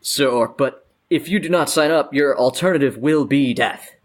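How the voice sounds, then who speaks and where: A man voicing a smug male military officer who speaks slowly with mock politeness. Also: medium pitch, natural voice. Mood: mock polite.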